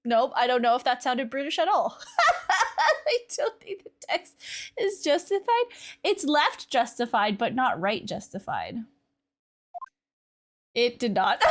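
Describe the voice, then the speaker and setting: Woman gaming streamer with a very high, animated voice. Talks slowly, jokes and laughs, digs in when arguing with chat. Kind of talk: live gameplay stream chat.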